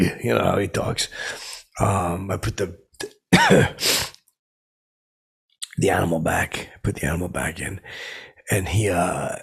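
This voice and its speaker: A tired man hosts a comedy podcast, rambling through a story full of uhs and restarts. His low voice is gravelly and badly husky, with a rough, worn texture. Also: a little slow, long pauses. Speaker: podcast host. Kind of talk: character comedy monologue.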